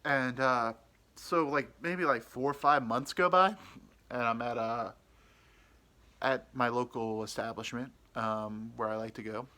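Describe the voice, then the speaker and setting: Male podcast host, casual storyteller, bright sharp tone, rambling and frank. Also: mid-range voice, steady tone, unhurried. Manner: rambling, frank and crude, lots of fillers.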